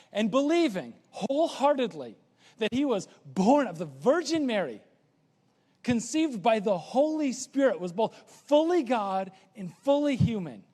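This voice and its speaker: A man's voice: very high voice, darkish tone, long reverb tail. A man preaching a sermon as a pastor, in a casual, conversational and joking way.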